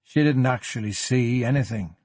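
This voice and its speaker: A man voicing a gruff older police superintendent with a Yorkshire accent, blunt and unhurried, in an audiobook. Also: mid-range voice, a little mellow, dry recording, close to an everyday voice. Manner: blunt, unhurried, plain-spoken.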